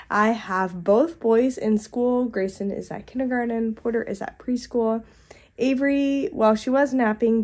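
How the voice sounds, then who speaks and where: A young woman with a stuffy head cold, chatting casually to her vlog audience from a quiet house and rambling as she thinks aloud. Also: medium pitch. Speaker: vlogger and mother. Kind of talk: casual vlog talk to camera.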